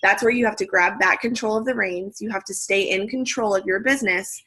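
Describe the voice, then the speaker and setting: A young woman leading her team on a video call, speaking in a direct, energetic pep-talk manner. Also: mid-range voice, fairly quick, husky. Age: young adult. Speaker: team leader.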